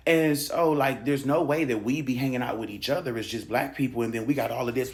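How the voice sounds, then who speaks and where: A man's voice: mid-range voice, moderate pace, hardly any pauses. A man in his thirties from Los Angeles gives an emphatic, candid personal monologue, often dropping to a whisper and laughing. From South Central Los Angeles. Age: 30s. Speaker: spiritual channel host.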